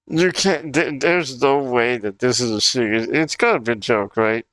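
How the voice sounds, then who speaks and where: A man's voice: mid-range voice, fairly bright tone, no echo, studio quality. A young man from Ottawa, chatting casually on a livestream, incredulous and laughing through his words. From Ottawa, Canada. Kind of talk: casual livestream chat reacting to videos.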